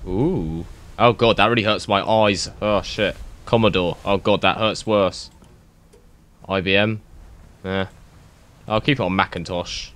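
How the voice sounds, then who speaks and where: Young man, gaming commentary, lively swooping voice, lowish pitch, rambling and excitable, swears freely. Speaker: gaming YouTuber. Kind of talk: let's play commentary.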